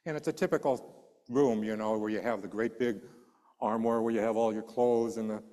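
A man's voice: lowish voice, fairly quick. Man preaching in a reverberant hall. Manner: animated storytelling, acting out quoted voices. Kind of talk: sermon storytelling.

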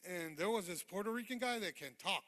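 A man's voice: high-pitched, animated, fairly quick, pushed and bright. A man giving a testimony sermon as a lay preacher, fervent and informal, calling out "amen" to the congregation in a church sanctuary. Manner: informal, rambling, with many fillers. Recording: long hall reverb in a church.

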